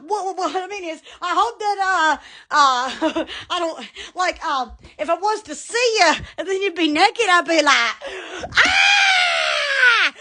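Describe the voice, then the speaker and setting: A woman's voice: extremely high pitch, expressive, unhurried, hardly any pauses, bright, forceful tone. A woman hosting a casual live stream on her phone, giggling and exclaiming constantly.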